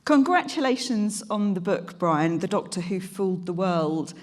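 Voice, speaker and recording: A woman opens an afternoon conference session and welcomes a guest speaker. Her voice sits a bit low for a woman, and her manner is polite and appreciative. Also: lively intonation, normal speed, darkish tone. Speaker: conference host. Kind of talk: formal introduction and interview. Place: conference stage.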